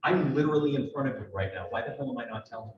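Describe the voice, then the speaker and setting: A man's voice: medium pitch, rapid-fire, a little hiss or hum. A man giving a persuasive speech to a party audience, emphatic and full of rhetorical questions, acting out little dialogues. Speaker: political speaker. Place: large room at a party convention. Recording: echoey hall, picked up from a distance, muffled.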